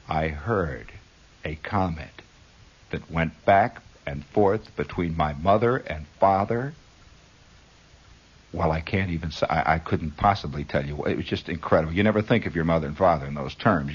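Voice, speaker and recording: A man's voice: on the low side, breathy edge. A man telling a rambling first-person story on the radio, talking to listeners with repeated words and asides. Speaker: radio monologist. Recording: dull lo-fi 1960s radio broadcast.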